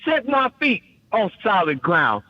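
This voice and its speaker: A man's voice: sits high, big pitch swings, measured pace, no room sound, highs cut off. A man calling in to a radio talk show with an impassioned, preacherly monologue, often stammering and repeating words. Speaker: caller.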